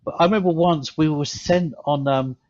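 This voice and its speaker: A man co-hosting a podcast, telling rambling stories in a casual chat that grow animated. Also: on the high side, normal speed. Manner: rambling storyteller, animated when telling a story. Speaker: podcast co-host. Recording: slightly dull lo-fi sound.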